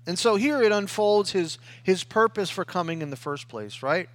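High-voiced emphatic male preacher. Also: big pitch swings, normal speed, hardly any pauses. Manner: emphatic, rising and falling preaching with tag questions. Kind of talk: sermon.

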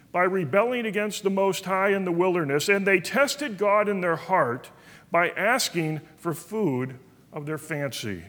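In a reverberant church hall, a man teaches a Bible study in the manner of a sermon, earnest and folksy as he tells stories. His voice is high with a sharp tone.

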